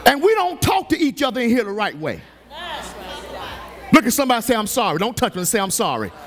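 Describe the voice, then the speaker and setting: Male pastor, high lively voice, slow deliberate preaching with shouted peaks. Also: some chatter behind. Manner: preaching with shouted rises and playful teasing of the congregation. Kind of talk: sermon. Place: church sanctuary.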